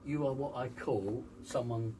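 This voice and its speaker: A man's voice: medium pitch, unhurried, distant mic, noisy background. A man working as a vocal coach, speaking emphatically in an interview and demonstrating vocal sounds. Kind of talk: interview, teaching voice exercises.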